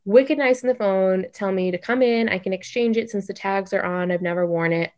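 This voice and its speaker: Young woman, casual animated storyteller, heavy on filler words. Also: medium pitch, a little fast, muffled recording. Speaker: guest telling a story.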